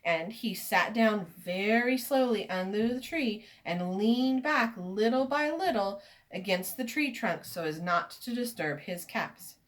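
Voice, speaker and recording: A woman reading a children's story aloud, expressive and inviting listeners to join in. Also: medium pitch, measured pace.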